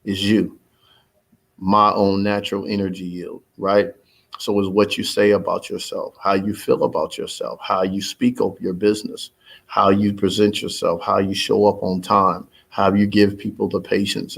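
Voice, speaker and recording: A low, gravelly, husky male voice belongs to a business owner, probably in his thirties. He rambles through a casual pep-talk update for his followers about his company, restarting often and using lots of fillers.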